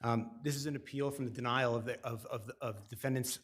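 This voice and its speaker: A man's voice: medium pitch, fairly even intonation, a little fast. Male attorney opening a formal court argument. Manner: formal, stumbling over a long list of parties. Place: appellate courtroom.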